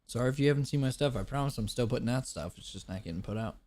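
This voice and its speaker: A young man streaming live, chatting casually with viewers, thanking them and laughing loudly between comments. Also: mid-range voice, racing. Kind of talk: casual live-stream chat reacting to a clip.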